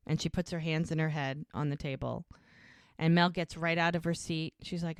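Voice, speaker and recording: A woman with a lowish voice casually recaps an episode on a podcast, acting out each scene by quoting the characters' lines in turn. The sound is dry and close, with no room echo at all. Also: steady tone, normal speed, smooth. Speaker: podcast co-host.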